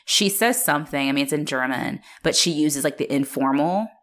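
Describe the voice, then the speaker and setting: A woman with a low, grounded voice talks through a film in relaxed, casual conversation. She is chatty and animated, scattering filler words as she retells scenes. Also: fairly quick.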